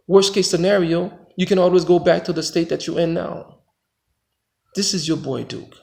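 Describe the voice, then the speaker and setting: An American man and father giving an emphatic, preachy motivational monologue as a vlogger. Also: creaky. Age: adult father. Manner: emphatic, preachy, swings between loud pushes and low reflective stretches.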